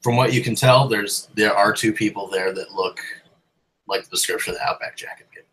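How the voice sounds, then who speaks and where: A man's voice: lowish voice, brisk, fairly bright tone, rough recording. A young man narrating a tabletop horror game as game master, casual and rambling, with lots of ums and swearing.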